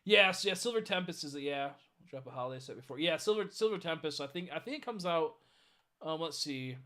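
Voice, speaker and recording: A man's voice: fairly high pitch, lively intonation, brisk, pushed and bright. A tired man chatting casually on a live stream, rambling and swearing as he greets viewers. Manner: rambling, swearing, stumbles over chat names.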